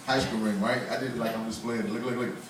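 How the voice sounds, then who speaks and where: A man's voice: mid-range voice, steady tone, fast, slight background noise. A man in his forties doing a loose, conversational stand-up comedy set in a small bar, laughing at his own jokes. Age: 40s. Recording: roomy bar, voice from far off.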